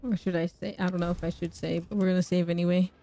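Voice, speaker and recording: Talking fast in a fairly low, warm voice with a flat delivery, this young woman provides live commentary on a horror game she's streaming. She addresses her chat, mocks herself, and laughs or shrieks whenever danger hits.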